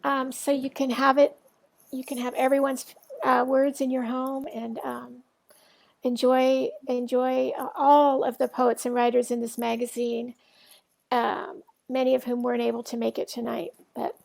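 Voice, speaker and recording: A woman closes an online literary reading with casual, meandering thanks. Her voice sits high with a creaky edge, and she pauses often on fillers. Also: level tone, rough recording. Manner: warm, halting, many fillers. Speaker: event host. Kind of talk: casual closing remarks.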